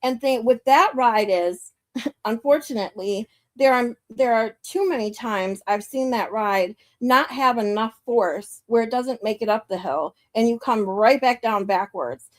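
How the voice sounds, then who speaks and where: A woman's voice: a little high, unhurried. A woman hosting a stream, chatting casually in a rambling, conversational way with frequent laughs. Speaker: streamer host. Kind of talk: casual chat.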